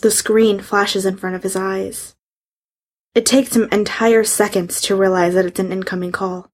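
A woman reading a fan fiction story aloud, in a hushed and emotional storytelling manner. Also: mid-range voice, steady tone, moderate pace. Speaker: reader.

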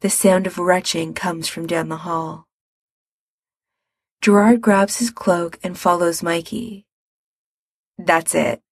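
Slow, gravelly woman narrating a story. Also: on the low side, fairly even intonation, dry recording, studio quality.

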